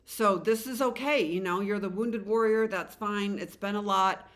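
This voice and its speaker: A woman's voice: medium pitch, moderate pace. A middle-aged woman giving a casual tarot reading, rambling with many fillers and restarts and casual swearing. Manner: animated voices when quoting the cards. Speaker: tarot reader.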